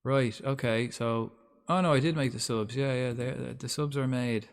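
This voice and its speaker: A young Irish gaming streamer offers casual live-stream commentary while playing a football management game, reacting out loud and swearing freely. His mid-range voice keeps a steady tone at a normal speed.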